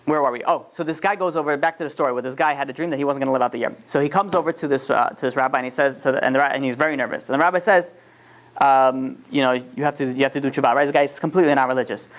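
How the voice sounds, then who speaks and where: A man's voice: medium pitch, racing. A man teaching an informal religious lesson, rambling and often restarting his phrases.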